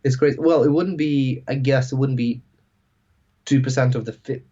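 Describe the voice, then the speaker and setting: Rambling man on a podcast, husky. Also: mid-range voice, moderate pace, dull audio. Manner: rambling, lots of "like" fillers, animated retelling. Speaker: podcast host. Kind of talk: casual conversation.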